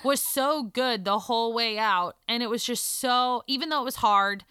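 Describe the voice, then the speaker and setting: Woman, thirties, casual storytelling, bright, dry close sound. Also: a little high, moderate pace, clear, resonant tone, no echo. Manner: animated, drops to a hush for emotional moments. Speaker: guest telling her birth story.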